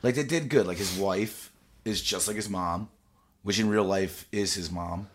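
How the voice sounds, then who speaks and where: A man's voice: deep voice, moderate pace, a little hiss or hum. A man co-hosting a podcast, chatting casually about a movie, blunt and critical, cracking jokes. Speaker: podcast co-host. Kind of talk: casual movie-review chat.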